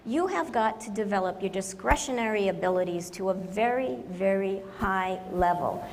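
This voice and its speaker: A woman's voice: mid-range voice, a little mellow. A woman consultant addresses a conference audience in a joking, self-deprecating way, hitting her points with emphasis. Her voice rings in a large hall with long reverb. Faint background noise hangs under it. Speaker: conference speaker, business consultant. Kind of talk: humorous conference talk.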